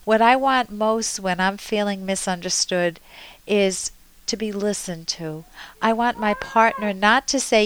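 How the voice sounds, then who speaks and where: A woman's voice: medium pitch, unhurried, a bit bright, smooth, poor audio. A woman hosting a call-in advice show as a therapist, coaching the caller and acting out sample conversations with him. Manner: coaching, role-plays dialogue with caller. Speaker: radio advice host and therapist.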